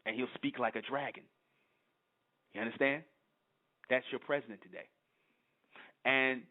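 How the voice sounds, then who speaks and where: A man's voice: mid-range voice, steady tone, a little slow, long pauses. A man hosting his own channel, reading scripture aloud and commenting on it bluntly and profanely, often asking "you understand?" and stumbling over the old wording. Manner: stumbles and restarts over archaic verses. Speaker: channel host. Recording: tinny phone-like audio.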